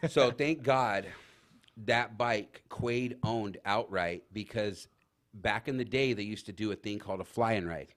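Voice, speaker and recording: Low-voiced man telling rambling stories. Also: unhurried. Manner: rambling, animated anecdotes with many fillers. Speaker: guest. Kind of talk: casual storytelling. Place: talk show studio.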